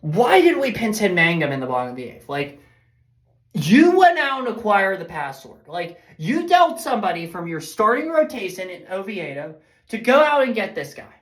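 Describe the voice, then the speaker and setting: A woman's voice: mid-range voice, big pitch swings, moderate pace. A woman giving a casual, rambling, fired-up baseball recap as host of a fan show. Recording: echoey room.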